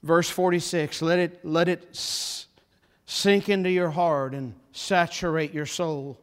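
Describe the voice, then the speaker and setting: A man preaching a sermon as pastor, impassioned, repeating phrases and building to forceful emphasis. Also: on the high side, fairly even intonation, slow pace, smooth.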